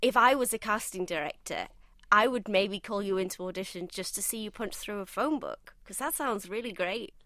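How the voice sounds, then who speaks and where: A woman's voice: mid-range voice, moderate pace, bright, forceful tone, no room sound, clean studio sound. A woman co-hosting a comedy podcast, bantering in a playful, faux-earnest way.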